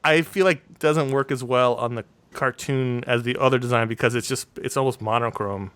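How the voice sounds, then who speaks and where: Smooth-voiced man recapping a cartoon. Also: mid-range voice, fairly even intonation, moderate pace, a bit bright, no echo. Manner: amused plot recapper. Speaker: podcast co-host. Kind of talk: casual chat.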